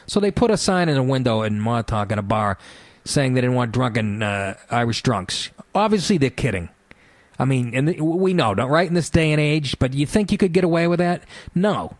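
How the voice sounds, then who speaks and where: A man's voice: mid-range voice, dry recording. Sarcastic, profane male radio host. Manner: sarcastic, swears a lot, jumps between mock voices. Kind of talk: profane comedic radio rant.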